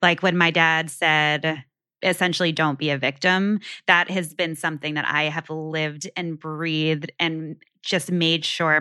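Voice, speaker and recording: A woman co-hosting a podcast, chatting warmly and affirming her partner, quick to agree and laugh. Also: sits low, clear, resonant tone, no echo, clean studio sound. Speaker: podcast co-host. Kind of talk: casual conversational podcast chat.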